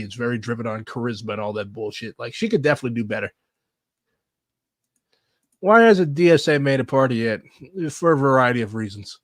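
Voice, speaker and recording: A man talks through political clips in loose, blunt commentary, throwing in swear words and filler. His voice sits at an ordinary pitch. The sound is dry and close, with no room echo. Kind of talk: casual reaction commentary.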